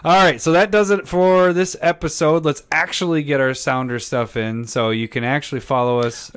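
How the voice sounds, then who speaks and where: A man's voice: on the high side, steady tone, moderate pace, clear, resonant tone. A man co-hosting a casual podcast chat, joking around and laughing often. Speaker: podcast co-host.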